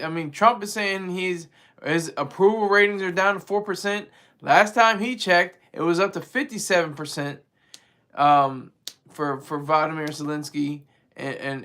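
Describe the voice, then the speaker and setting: A man hosting a casual political commentary vlog, talking in an animated, rambling way with frequent restarts. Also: on the high side. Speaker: vlog host.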